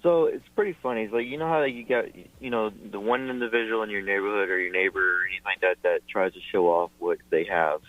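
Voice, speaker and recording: Low-voiced man on a tinny phone line. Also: fairly even intonation, quick pace, hardly any pauses, dry recording. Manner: amused, rising up when exasperated. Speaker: caller. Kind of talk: casual call-in chat.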